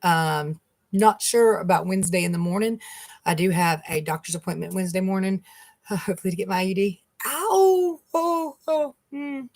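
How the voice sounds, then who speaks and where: A woman's voice: lowish voice, steady tone, fast talker, darkish tone. A middle-aged woman, chatting casually to her live-stream viewers and rambling with frequent laughs. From North Carolina, US. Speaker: keto vlogger.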